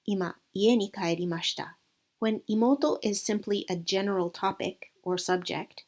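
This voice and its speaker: A woman teaching Japanese grammar, explaining clearly and evenly with example sentences. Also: medium pitch, normal speed, a little mellow. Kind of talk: scripted lesson narration.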